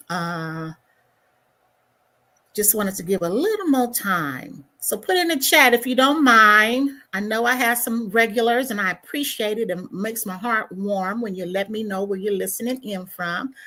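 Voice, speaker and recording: A woman hosting her own livestream, talking casually to viewers and sometimes muttering to herself as she works through her settings. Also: mid-range voice. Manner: chatty, warm asides, mutters to herself while fiddling with settings. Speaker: livestream host.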